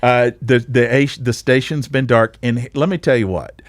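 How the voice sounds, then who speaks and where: A man's voice: medium pitch, fairly even intonation, moderate pace, no echo, studio quality. Southern man hosting a chatty podcast. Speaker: podcast host. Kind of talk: casual interview chat. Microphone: studio microphone.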